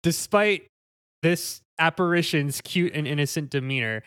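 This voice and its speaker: A man's voice: fairly high pitch, moderate pace, a bit bright, clean tone, dry recording, clean studio sound, natural voice. A man doing a pompous know-it-all demonologist. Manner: mock-authoritative, lecturing, self-corrects. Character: pompous male podcast-owner demonologist, pedantic. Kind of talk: improvised comedy role-play.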